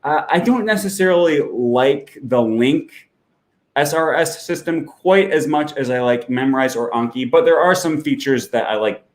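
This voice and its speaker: Male host for a language-learning channel. Easygoing explainer, middle pitch, chatty with fillers. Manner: relaxed, chatty, with filler words and self-corrections; walks through an app on screen while talking. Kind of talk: casual explanatory talk.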